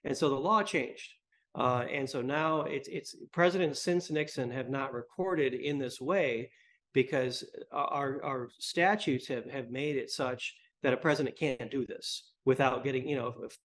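A man with a mid-range voice, speaking as a guest on an interview show. A history professor, he explains things in a measured, scholarly way and builds his points step by step. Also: medium pitch, a bit bright.

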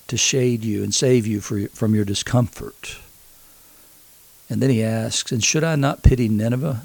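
Gravelly-voiced man preaching a sermon. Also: on the low side, a little mellow, no room sound. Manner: conversational, earnest, acts out quotes.

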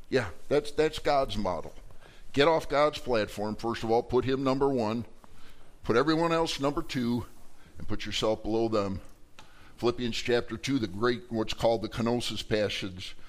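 A man's voice: medium pitch, animated, normal speed. A man preaching a sermon to his congregation, conversational and joking, acting out arguing voices with big swings in emphasis. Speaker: pastor.

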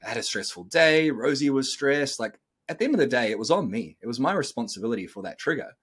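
A man's voice: mid-range voice, animated, quick pace, hardly any pauses, fairly bright tone, husky. A middle-aged man hosting a podcast, talking bluntly and coaching listeners, swearing freely. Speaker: podcast host. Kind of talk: casual podcast talk.

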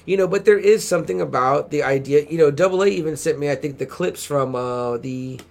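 Animated man with a high voice. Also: fairly quick, gravelly. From San Antonio, Texas. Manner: animated storytelling, acts out excited quotes. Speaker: podcast co-host. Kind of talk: casual chat.

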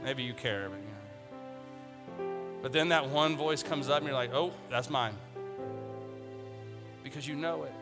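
A man's voice: on the high side, moderate pace, pauses often, long reverb tail, music in the background. A man preaching a conversational sermon as a pastor, retelling Bible scenes in casual modern speech and repeating phrases for emphasis.

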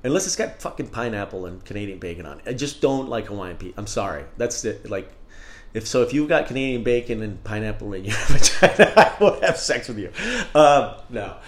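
A man's voice: on the low side, animated, fairly quick. A man hosting a casual solo podcast, talking in a rambling, candid and profane way. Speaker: podcast host. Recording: roomy echo.

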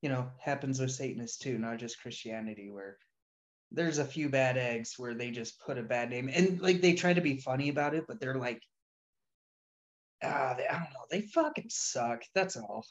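A man's voice: medium pitch, normal speed. A young man co-hosting a casual podcast, laid-back and joking, with casual swearing. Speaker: podcast co-host. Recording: dull, muffled lo-fi sound.

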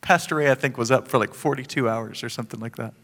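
A man preaching as pastor, telling a personal story in an animated, joking way with laughs and asides. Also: medium pitch, fast, long reverb tail. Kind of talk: sermon.

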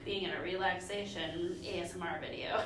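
A woman's voice: on the low side, steady tone, fairly quick, fairly bright tone, slight background noise. A playful, giggly woman, co-hosting a chat podcast and slipping into silly voices. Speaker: podcast co-host. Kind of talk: casual chat. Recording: roomy, distant mic, faint ambience.

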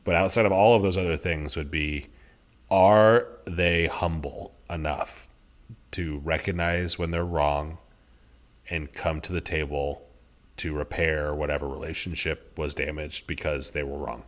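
This is a deep-voiced man in his thirties talking on a podcast. He speaks earnestly and thoughtfully, often circling back and restarting his sentences as he works through an idea. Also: steady tone, a little slow. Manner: earnest, reflective, many restarts. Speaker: podcast co-host. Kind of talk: casual conversation.

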